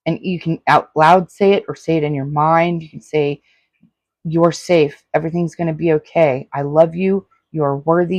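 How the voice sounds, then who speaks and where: A woman's voice: deep voice, darkish tone, no echo. Host, woman in her forties, earnest self-help advice, dry close recording. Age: 40s. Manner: earnest, repetitive, advice-giving. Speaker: podcast host. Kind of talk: solo self-help podcast talk.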